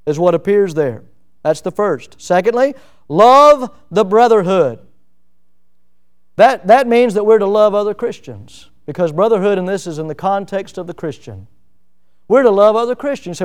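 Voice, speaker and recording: Man preaching with a high clear voice. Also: lively intonation, moderate pace. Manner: preaching with emphatic shouted quotes and swings between loud and soft. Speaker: pastor. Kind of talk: sermon.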